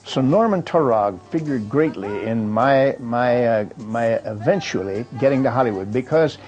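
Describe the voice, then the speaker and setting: A man's voice: mid-range voice, lively intonation, normal speed, a little mellow, highs cut off, faint music behind. An older man from Kentucky, a retired actor, recalling his career in a rambling way with fillers and restarts. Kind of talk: reminiscing monologue.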